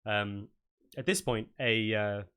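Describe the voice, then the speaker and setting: A man's voice: lowish voice, takes it slowly, fairly bright tone, smooth. A man running a tabletop game as dungeon master, narrating loosely with many fillers.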